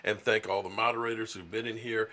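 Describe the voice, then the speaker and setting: Man, live-stream host, bright tone, laid-back chat, reads viewer messages. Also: on the low side, flat delivery, fast.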